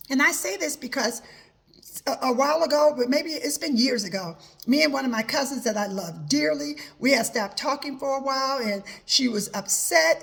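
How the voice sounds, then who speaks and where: A woman with a high, bright-pitched voice talks earnestly through her own life story as advice. She keeps quoting what she told people, leaning on repeated "I said" as she goes. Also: gravelly. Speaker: host. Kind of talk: personal advice talk.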